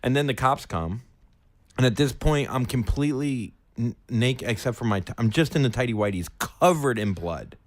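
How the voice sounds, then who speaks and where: A man co-hosting a podcast, telling a crude, rowdy story in casual chat and loudly acting out what people said. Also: medium pitch, expressive, moderate pace. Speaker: podcast co-host.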